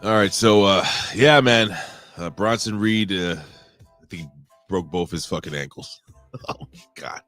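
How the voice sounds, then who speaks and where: A man's voice: sits low, a little slow, fairly bright tone, faint music behind. A man co-hosting a live wrestling podcast, rambling, joking and swearing freely in casual chat.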